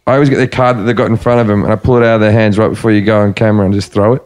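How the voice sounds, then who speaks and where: A man's voice: fairly low pitch, flat delivery, very fast, a little mellow, clear, resonant tone. A man who is a comedian, chatting casually and playfully, often laughing as he talks. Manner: playful, laughs while talking. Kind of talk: casual chat.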